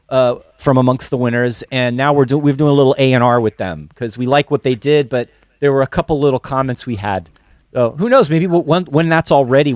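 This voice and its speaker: A man's voice: medium pitch, darkish tone, no echo. A man hosting a casual livestream from a music school studio, upbeat and chatty, greeting viewers by name. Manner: upbeat, greets chat names one by one. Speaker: livestream host. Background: electronic music playing.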